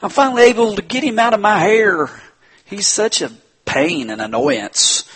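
A man voicing a scheming male devil who gloats in a rushed, sneering way. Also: high voice, sing-song, fairly bright tone, husky, voice pushed up, heavily acted. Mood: gloating.

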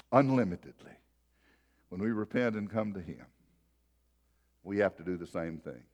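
A man preaching a sermon, telling a folksy personal story and shifting between loud and soft. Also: fairly low pitch. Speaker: pastor.

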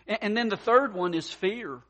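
A man preaching with a slightly raised, lively pitch. He talks in a folksy way with plenty of fillers and repeats. His sermon swings between quiet asides and loud bursts. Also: normal speed. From mountain region. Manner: expressive, swings from soft to loud, acts out worried voices. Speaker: pastor.

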